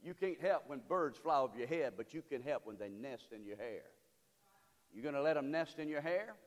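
A man preaching a sermon as pastor. He moves from loud cries to hushed pleading. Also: mid-range voice, expressive, normal speed, big-room sound. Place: church sanctuary.

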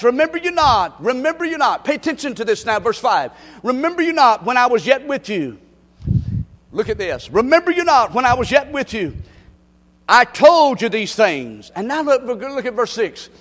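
A man preaches from the pulpit in a very high, ringing voice. He drives his points home by repeating phrases and climbing to shouts. The sound carries a long reverb from the church sanctuary. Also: sing-song, normal speed. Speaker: pastor. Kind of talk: sermon.

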